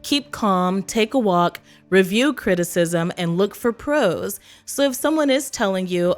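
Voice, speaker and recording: A woman's voice: medium pitch, unhurried, few pauses. A woman from East Texas chats to camera in a loose, conversational way and laughs often. She acts out quotes in other voices along the way. Faint music plays under her voice. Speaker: vlogger. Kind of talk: casual talk to camera.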